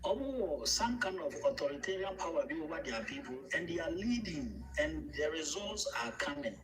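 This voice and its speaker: Ghanaian male interviewer, halting question, higher voice, distant mic, crowd noise. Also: big pitch swings. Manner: halting, searches for words.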